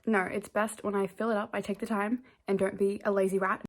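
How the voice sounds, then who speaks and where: A woman's voice: medium pitch, little pitch movement, brisk, very noisy. A young woman in a casual bedtime vlog, chatting playfully and poking fun at herself. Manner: chatty, playful, self-mocking. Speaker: vlogger. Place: bedroom at home.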